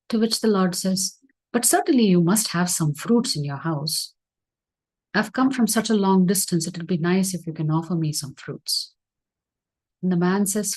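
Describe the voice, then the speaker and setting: A woman teaching scripture through a story, acting out the dialogue in an earnest, gentle way during an online session. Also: on the low side, normal speed. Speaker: spiritual teacher.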